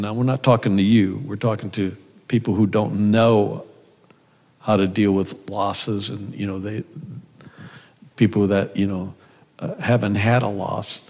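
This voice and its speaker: Older male preacher, low voice. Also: fairly even intonation, measured pace, darkish tone. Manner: folksy conversational storytelling. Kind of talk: sermon. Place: church sanctuary. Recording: church hall reverb.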